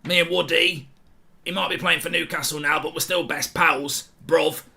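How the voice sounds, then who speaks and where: A man's voice: on the high side, steady tone, normal speed, gravelly, bright, forceful tone, voice pushed up, full character voice. A man putting on the voice of a carefree young male footballer who rambles chummily in slang. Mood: cheerful. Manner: rambling, slangy, laid-back.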